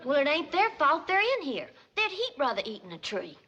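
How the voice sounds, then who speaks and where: Sweet young hillbilly woman: twang, high and lively; hissy lo-fi 1960s TV sound. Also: brisk. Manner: folksy country twang. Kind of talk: 1960s sitcom acting. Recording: muffled old TV audio with steady hiss.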